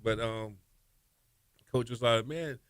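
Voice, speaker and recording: Bright, clear-voiced former quarterback telling stories. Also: male voice, mid-range voice, moderate pace, no room sound, studio quality. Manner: animated, laughs while telling stories. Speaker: former college quarterback, guest. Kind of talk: casual interview storytelling.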